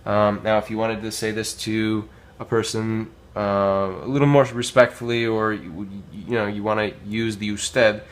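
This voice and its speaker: A man teaching a casual language lesson, modelling phrases slowly with many pauses and filler words. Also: on the low side, level tone. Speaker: Spanish teacher.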